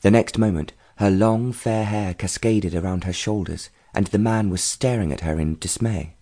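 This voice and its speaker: A man narrating a romance novel audiobook in a measured storytelling manner. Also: lowish voice, warm tone. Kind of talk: scripted narration.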